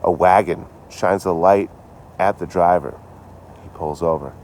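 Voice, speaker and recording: Low, a little mellow and measured in pace, this man's voice comes with slight background noise. He's tipsy and chatting casually on a phone livestream, rambling, swearing frequently and trading sarcasm with viewers.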